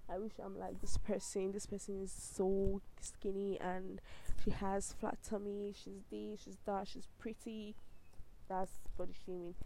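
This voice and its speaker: A woman's voice: medium pitch, mellow, slight background noise, rough recording. A young woman in her twenties with a Nigerian accent, talking straight to the camera in an impassioned, exclaiming way. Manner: impassioned, exclaiming, ranting with laughs. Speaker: vlogger. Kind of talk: casual direct-to-camera talk.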